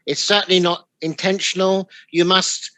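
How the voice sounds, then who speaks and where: A man with a London Cockney accent presenting a formal ceremony, reading honorees' names with warm, self-deprecating remarks. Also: high-pitched, little pitch movement, normal speed, no room sound, poor audio. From East London, England.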